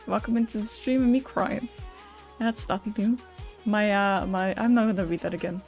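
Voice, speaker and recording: A woman live-streaming, talking openly and emotionally with her chat at a middling pitch. She swears freely and reads viewer messages aloud. Faint music plays behind her. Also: steady tone, moderate pace, a little mellow. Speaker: Twitch streamer.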